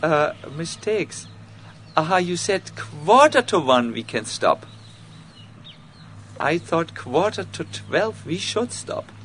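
A man with giving an informal spiritual lecture, halting with many fillers and restarts, and self-mocking. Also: on the high side, animated, a bit bright, a little hiss or hum. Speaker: spiritual teacher giving a talk.

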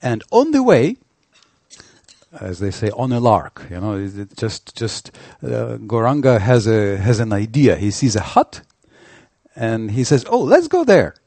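Guy giving a spiritual talk, lots of uh and restarts, gravelly voice, dry close sound. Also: on the low side, dry recording. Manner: halting, many fillers and restarts, animated storytelling. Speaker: spiritual teacher. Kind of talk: devotional lecture.

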